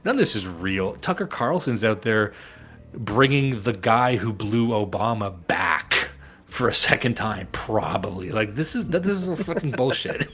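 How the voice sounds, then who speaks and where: Low voiced guy on a live stream, sarcastic, swears a lot, keeps laughing, faint music behind. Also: animated, unhurried, a bit bright, breathy edge. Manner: profane, sarcastic, laughs often. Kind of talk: casual live-stream talk.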